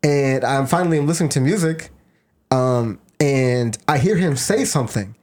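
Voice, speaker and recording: A man's voice: mid-range voice, expressive, normal speed, darkish tone. A man co-hosting a podcast, telling stories in casual chat and laughing as he goes. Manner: laid-back, laughs often while telling stories. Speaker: podcast co-host.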